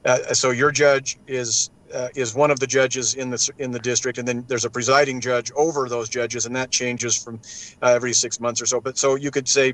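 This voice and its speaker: A man on a casual video panel, explaining court procedure at an even middle pitch. He slips into animated little impressions of judges and clerks as he goes. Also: a little fast, low-quality recording. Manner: animated, acts out judges in quoted asides.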